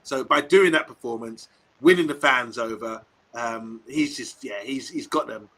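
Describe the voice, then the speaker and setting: Bright-voiced co-host. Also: male voice, mid-range voice, a little slow, poor audio. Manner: animated, laughing, tag questions. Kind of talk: casual live stream chat.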